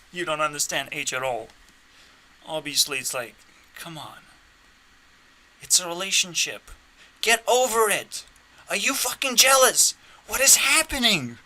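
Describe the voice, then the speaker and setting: Bright-voiced man ranting, slow and erratic. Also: fairly high pitch. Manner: profane, erratic, swinging between shouting and muttering; trolling, laughing at his own provocations. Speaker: channel host. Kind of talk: unscripted rant to camera.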